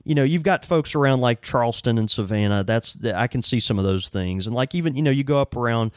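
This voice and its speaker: A man with a Southern US accent co-hosting a podcast, speaking in halting, self-deprecating casual chat. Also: mid-range voice, no echo, clean studio sound. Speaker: podcast co-host.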